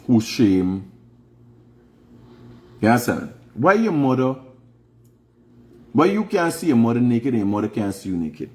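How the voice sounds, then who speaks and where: A man's voice: mid-range voice, big pitch swings, a little slow, long pauses. A middle-aged Guyanese man hosting a casual livestream, lecturing emphatically and firing off rhetorical questions. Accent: Guyanese Creole English. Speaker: online show host. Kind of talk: preachy casual livestream monologue.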